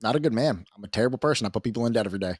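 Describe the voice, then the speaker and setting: Man, podcast co-host, rapid-fire rambling, profane and cocky, casual chat, dry close sound. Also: on the low side, lively intonation, dry recording. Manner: rambling, profane, self-assured.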